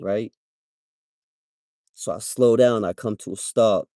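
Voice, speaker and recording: Guy on a livestream telling a story, slangy, keeps saying right?, mellow low voice. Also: slow pace, pauses often, dry recording, studio quality. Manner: slangy, repeats "right?" as a tag. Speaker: livestream host.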